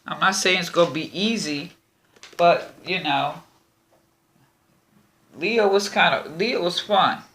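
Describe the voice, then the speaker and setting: A woman giving a casual astrology and tarot reading, speaking slowly and calmly with gentle, repeated advice. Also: fairly low pitch. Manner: slow, unhurried, repeats phrases, gentle advice.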